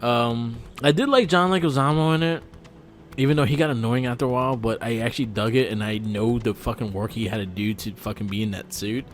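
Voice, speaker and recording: A man's voice: mid-range voice, a little fast. A man co-hosting a podcast, talking about a movie in a laid-back way and swearing casually. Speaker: podcast co-host. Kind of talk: casual movie review chat.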